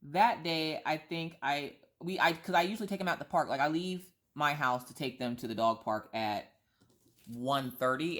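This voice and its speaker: A woman's voice: low voice, fairly bright tone. A woman in her thirties who vlogs, chatting and telling a rambling story full of asides and restarts. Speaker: vlogger. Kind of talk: casual storytelling chat.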